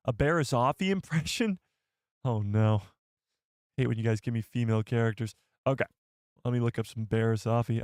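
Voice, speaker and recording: A young man chats his way through a live stream, reading out viewer comments and laughing at his own slips. His voice sits at an ordinary middle pitch, and the sound is dry and close to the mic. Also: no room sound. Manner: chatty, reads viewer comments aloud, laughs at himself. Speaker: livestream host. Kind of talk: casual live chat.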